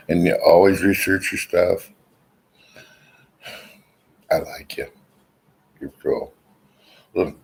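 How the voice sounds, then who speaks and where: Gravelly, husky, and darkish, a bass voice belongs to a middle-aged vlogger talking casually from his armchair at home. Speaking into his laptop's built-in microphone, he rambles through blunt stories laced with swearing. The audio is poor.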